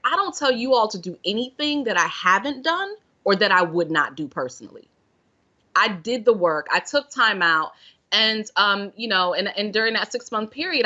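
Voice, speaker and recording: A bright, forward-voiced woman recounts her own story as a podcast guest, earnest and expressive, slipping into the voice of her past self. The audio is dull and lo-fi, like a remote call. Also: medium pitch. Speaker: podcast guest, self-care and meditation guide. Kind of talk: personal story told in conversation.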